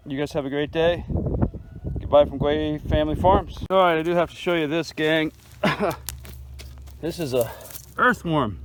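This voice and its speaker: A man's voice: fairly high pitch, slight background noise, low-quality recording. A man giving a casual, chatty walking tour of his farm garden outdoors, filmed on a handheld phone. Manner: laid-back and chatty, calls viewers man and dude. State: chewing food at times.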